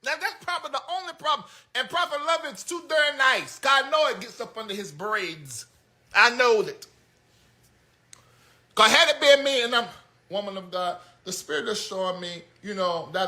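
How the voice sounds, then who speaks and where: Man as show host, high-pitched, very bright sharp tone, blunt animated comedic rant. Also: moderate pace. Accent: American. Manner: animated, blunt, yelling outbursts.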